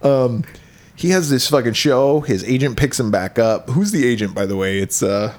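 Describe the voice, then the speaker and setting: A man's voice: medium pitch, normal speed. A man co-hosting a podcast, casually retelling a horror film with lots of swearing and acted-out character lines. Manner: profane, animated, acts out the characters' lines. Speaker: podcast co-host. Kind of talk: casual chat recapping a movie.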